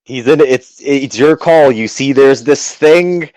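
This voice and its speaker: Man, game master, tabletop game narration, casual then dramatic, mid pitch, dry close sound. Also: a little slow, darkish tone, no echo, poor audio.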